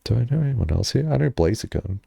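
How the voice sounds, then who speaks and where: A man chatting casually on a live stream, rambling and laughing often, jumping up high when excited, on a headset mic. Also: fast talker, creaky, breathy edge, dry recording.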